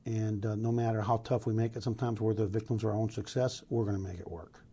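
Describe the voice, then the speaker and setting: A man's voice: lowish voice, fairly even intonation, quick pace, warm tone, husky. A middle-aged man from Los Angeles, a police chief answering news interview questions in an earnest, emphatic way with many restarts.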